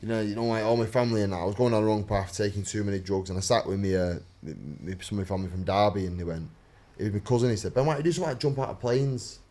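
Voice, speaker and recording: A man with a fairly low voice rattles through his stories at a quick clip. He swears freely and acts out what others said to him. It sounds like a relaxed fight-interview chat. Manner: swearing, animated storytelling, acts out quoted people. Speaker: bare-knuckle fighter.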